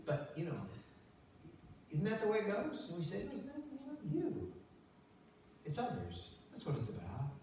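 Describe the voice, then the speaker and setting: Older guy pastor, lively storytelling sermon, voice bouncing all over, big church echo from far off. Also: sits high, a little slow, long pauses, a little hiss or hum. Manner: conversational, animated storytelling with acted-out voices. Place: church sanctuary. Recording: very echoey church recorded from afar.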